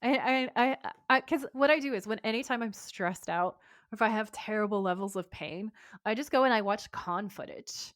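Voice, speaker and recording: Brief: woman podcast co-host, casual and enthusiastic, trips over restarts, mid-pitched, dry close mic. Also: moderate pace, fairly bright tone, dry recording. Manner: rambling, many restarts and tangents; enthusiastic, laughs often. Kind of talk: casual chat.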